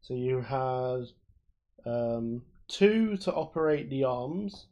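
Male podcast co-host, mid-pitched, rambling friendly explainer. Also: lively intonation, slow, mellow, muffled recording. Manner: chatty, explains at length with many fillers. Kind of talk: casual chat.

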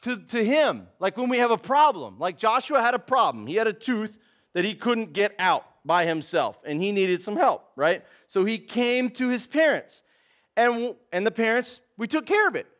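A man's voice: high-pitched, very animated, moderate pace, fairly bright tone. A man preaching a sermon in a casual, conversational way, calling people man and dude. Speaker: pastor.

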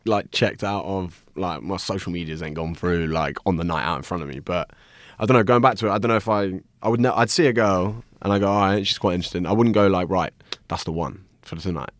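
Young man, low voice, dry close sound, casual chat. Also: quick pace, few pauses, no echo. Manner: easygoing, fillers like you know what I mean. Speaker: podcast co-host.

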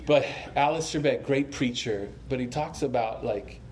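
A man's voice: mid-range voice, normal speed, a little mellow, a little hiss or hum. A male pastor preaching a sermon, conversational and then passionately exhorting the congregation, ending in prayer.

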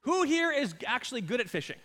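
A man preaching a sermon in an animated, conversational storytelling style with jokes. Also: very high-pitched, fast, big-room sound. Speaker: pastor.

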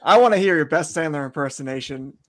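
A man co-hosting a casual fantasy football chat, measured and often hedging his opinions. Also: fairly high pitch, fairly bright tone. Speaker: podcast co-host.

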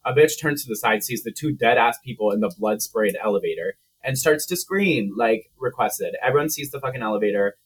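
Brief: male podcast co-host, husky tone, casual profane plot recap. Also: medium pitch, lively intonation, brisk, few pauses. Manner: profane, chatty, lots of "like".

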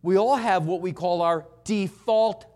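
A middle-aged man gives a spirited sermon, voicing characters and calling on the congregation to repeat lines after him. He has a high-pitched voice and keeps a measured pace.

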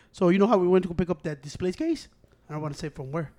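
A man, co-hosting a podcast, telling profane heated stories that break into loud shouts. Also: sits high, quick pace. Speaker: podcast co-host. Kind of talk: casual chat, storytelling.

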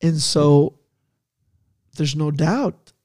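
A man, a missionary pastor, excitedly telling a personal story in quick bursts. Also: a little high, dry recording, studio quality.

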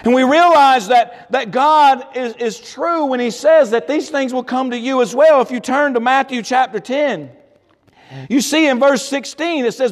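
A man preaches from the pulpit in a strikingly high voice. He drops low, then swells on slow, stressed words. The sanctuary rings with a long reverb. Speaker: pastor. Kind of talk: sermon. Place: church sanctuary.

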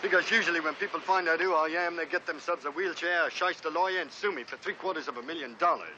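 An actor playing a young male millionaire who puts on high-society airs, speaking in an exaggerated transatlantic accent in a suave, clipped way. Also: fast, sharp tone. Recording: dull old film soundtrack, faint noise.

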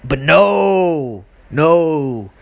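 A woman hosting her own podcast, delivering a heated, exasperated solo rant with profanity and sudden high outbursts. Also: animated, extremely slow, gravelly. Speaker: podcast host. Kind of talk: solo ranting monologue.

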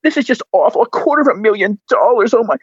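Casting note: a frantic, stammering assistant played by a man, high and husky, fast and breathless, on a muffled line. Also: animated, dry recording. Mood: fretful. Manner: stammering, repeating words. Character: frantic stammering male assistant, fretful and whiny. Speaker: caller.

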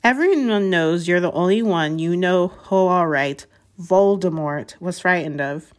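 A woman's voice: fairly low pitch, measured pace, lightly acted. A woman reading aloud, voicing a stern, impatient middle-aged female professor in a storybook. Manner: clipped, impatient.

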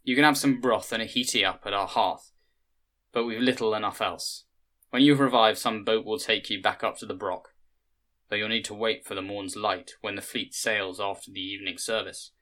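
A man's voice: lowish voice, steady tone, moderate pace, bright, forceful tone. A man voicing a spirited, weary young woman, blunt and plain-spoken. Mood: kind. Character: young Scottish fisher-lass, spirited and weary.

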